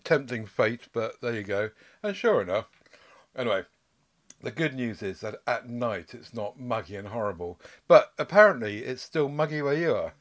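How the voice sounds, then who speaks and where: A man's voice: medium pitch, expressive, normal speed. A man hosting a podcast in casual chat, rambling and self-mocking. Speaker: podcast host.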